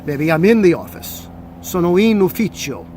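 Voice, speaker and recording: A man's voice: sits high, big pitch swings, moderate pace, darkish tone, slight background noise. A man from New Jersey with an American accent, teaching an Italian lesson, patiently repeating examples and switching between English and Italian. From New Jersey, USA. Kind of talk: language lesson.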